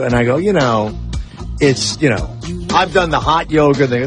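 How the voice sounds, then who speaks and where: A man's voice: medium pitch, expressive, normal speed, music in the background. A man hosting a talk radio show, telling stories in a brash, casual way and swearing freely. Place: radio studio.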